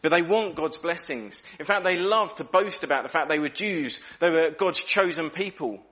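A man delivers a sermon in a fairly high voice. He acts out rhetorical questions with animated pitch swings, then drops low and quiet for serious points. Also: normal speed. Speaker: preacher.

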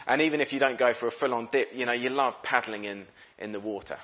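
A man giving a sermon in a relaxed, conversational manner, reading verses and speaking characters' thoughts aloud. His voice sits at an ordinary middle pitch. The recording is a little dull and muffled. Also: fast. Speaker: preacher.

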